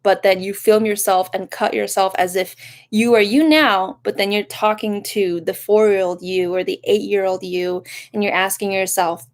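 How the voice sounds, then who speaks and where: A young woman giving a casual live-stream reading, talking softly and rambling, breaking off to greet viewers with sudden excitement. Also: mid-range voice, normal speed. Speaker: live tarot reader.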